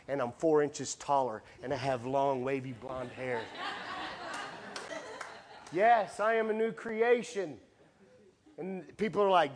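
A man preaching a sermon with animated storytelling, acting out the voices in the story. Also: a little high, unhurried, long pauses, crowd noise.

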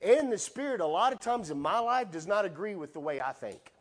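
Male pastor, middle-aged, higher voice, lively sermon delivery with playful asides. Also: brisk. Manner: animated preaching with playful acted asides.

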